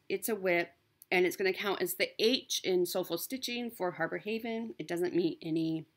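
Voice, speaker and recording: A woman chatting casually as a cross stitch vlogger, upbeat and talkative, with frequent ums and self-corrections. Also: lowish voice. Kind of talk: casual show-and-tell chat.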